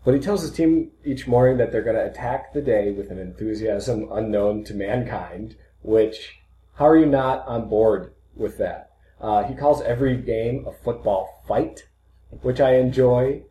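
A man with a mellow, dark-toned voice co-hosts a casual podcast, riffing with dry, self-mocking humor. The room around him adds a clear echo. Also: mid-range voice, moderate pace. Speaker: podcast co-host. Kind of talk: casual sports chat. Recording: roomy echo.

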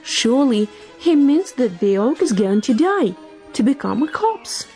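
A woman voicing an excitable jay that exclaims. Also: high-pitched, unhurried, faint music behind, exaggerated voice. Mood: shocked.

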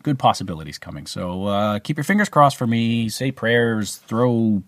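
A man's voice: fairly low pitch, expressive, normal speed, no echo, studio quality. A middle-aged man with a Canadian accent, telling a personal story in a casual, rambling way with many fillers and restarts. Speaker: vlogger.

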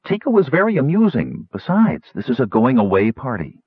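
A man's voice: medium pitch, wildly swooping pitch, fairly quick, breathy edge, dry recording, voice pushed up. A man voicing a bold young woman who teases her friends with gleeful mockery. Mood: amused. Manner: mocking, gleeful teasing. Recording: tinny phone-like audiobook recording.

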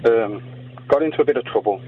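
Deadpan male caller on dull phone line. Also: medium pitch, quick pace, a little hiss or hum. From West Midlands. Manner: deadpan storytelling. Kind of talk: phone-in prank call.

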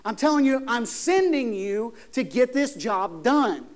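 A preacher doing a blunt, impatient messenger. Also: male voice, extremely high pitch, big pitch swings, a little slow, full character voice. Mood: insistent. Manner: blunt, insistent.

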